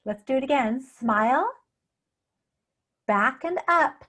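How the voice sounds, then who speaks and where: Woman speech coach, kinda high voice, super slow and careful, walking you through drills. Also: expressive, fairly bright tone. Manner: slow, clear, encouraging demonstration with drawn-out practice words. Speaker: speech therapy instructor. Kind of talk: guided speech exercise lesson.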